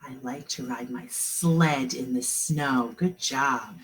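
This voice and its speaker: A woman teaching a kindergarten class online, encouraging the children and sounding out words slowly. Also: very deep voice.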